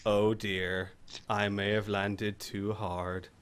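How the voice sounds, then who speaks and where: A man's voice: lowish voice, level tone, slow pace, fairly bright tone, voice pushed down. A man voicing a clumsy, polite male golem who speaks in a mild, apologetic way. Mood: sheepish.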